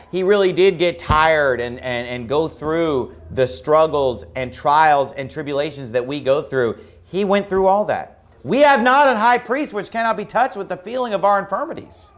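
A male preacher delivering an emphatic sermon to a congregation, arguing forcefully and mocking opposing views. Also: fairly high pitch. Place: church.

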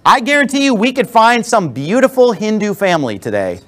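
A man's voice: sits high, big pitch swings, fairly quick, a bit bright. A man preaching a sermon as a pastor in a church, blunt and emphatic, with sarcastic asides. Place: church with a responding congregation.

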